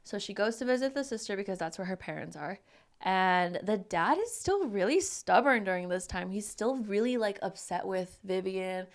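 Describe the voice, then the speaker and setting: A woman's voice: mid-range voice, lively intonation, normal speed. Swearing woman podcast co-host, chatty. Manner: swears freely, acts out quotes, laughs often. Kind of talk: casual book-club chat.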